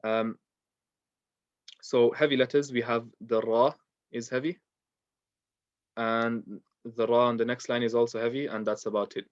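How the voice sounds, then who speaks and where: A man's voice: medium pitch, little pitch movement, a little slow, pauses often, no room sound, muffled recording. Patient male tajweed teacher. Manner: patient, explains step by step with many fillers. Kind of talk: online lesson.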